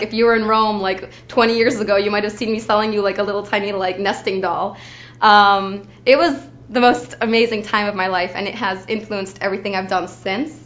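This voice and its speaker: A young adult woman from Ukraine records an audition slate, introducing herself as an actor. She's chatty and bubbly, says "like" a lot, and has a mid-range, slightly bright voice. The recording is dull and lo-fi.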